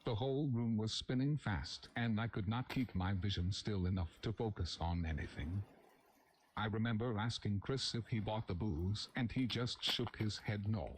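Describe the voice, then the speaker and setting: Lower-voiced young man narrating a horror story. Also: a little hiss or hum.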